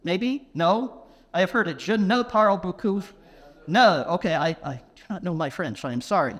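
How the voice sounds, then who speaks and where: A man giving a conference keynote, playfully quizzing the audience and speaking slowly and deliberately. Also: sits high. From England. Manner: playful, quizzes the audience, slow deliberate phrasing for non-native listeners. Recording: long hall reverb.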